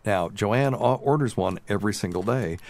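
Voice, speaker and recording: A man's voice: on the low side, normal speed, a little mellow. A man hosting a casual podcast as a doctor, telling loose, chatty stories and laughing often.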